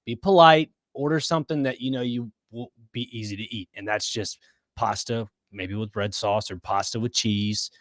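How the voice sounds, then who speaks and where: A man's voice: lowish voice, fairly even intonation, moderate pace, no room sound. Earnest man explaining food on radio. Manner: earnest, explains things carefully. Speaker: radio show regular. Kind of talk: casual radio chat. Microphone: studio mic.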